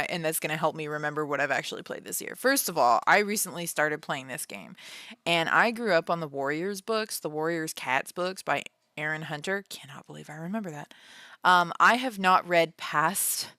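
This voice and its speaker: A woman's voice: fairly low pitch, moderate pace, dry recording, clean studio sound. Chatty woman livestreaming from home. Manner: chatty, animated, laughs often, many fillers. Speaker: livestream host and author. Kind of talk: casual livestream chat.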